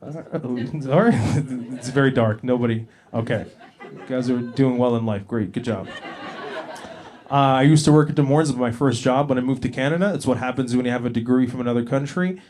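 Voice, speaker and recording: A man's voice: medium pitch, a little fast, a little mellow. A man from Libya doing a brash, profane stand-up comedy set on a club stage, often laughing at his own jokes.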